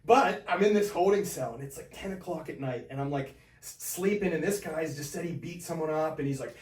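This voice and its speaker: Man, podcast guest, animated storytelling, roomy sound, set back from mic. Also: on the high side, a little fast, recorded from a distance. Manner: animated, acts out quoted voices. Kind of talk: casual storytelling.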